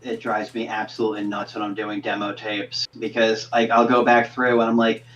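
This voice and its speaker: A man's voice: lowish voice, monotone, moderate pace, a bit bright, dull audio, slight background noise. A man who is a voice actor and game master, explaining his craft earnestly in a podcast interview.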